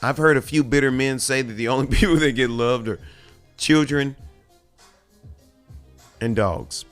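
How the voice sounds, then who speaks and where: A man's voice: mid-range voice, fast talker, soft background music. A man and father, hosting a podcast, talking in a candid, profane, rambling monologue with many restarts. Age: adult with children. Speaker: podcast host.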